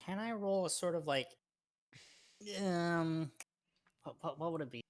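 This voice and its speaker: A man playing a tabletop game, chatty and quick to laugh. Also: a little high. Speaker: player. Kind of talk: casual gaming chat.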